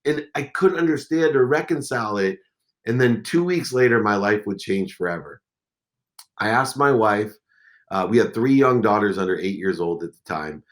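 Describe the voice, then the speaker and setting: A man in his forties telling a personal story as a podcast guest, intense and swinging between quiet and loud. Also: lowish voice, expressive, moderate pace. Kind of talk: emotional storytelling.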